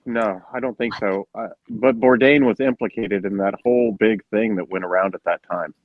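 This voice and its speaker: A man's voice: fairly low pitch, fairly even intonation, moderate pace, no room sound, phone-quality sound. A man co-hosting a podcast, swearing freely and teasing his friends. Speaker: podcast co-host. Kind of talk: casual chat.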